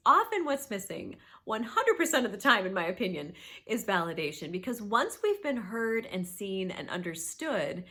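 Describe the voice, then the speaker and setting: A woman in her thirties, a therapist and host, explaining conflict and apology in an earnest, emphatic talk that sometimes drops to a soft whisper. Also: medium pitch. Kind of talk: warm instructional talk to camera.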